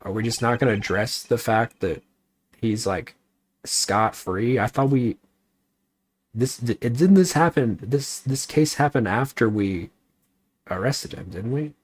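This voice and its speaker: A man streaming, making quick, chatty asides while reading a game aloud. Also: mid-range voice, animated, husky. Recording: faint music behind.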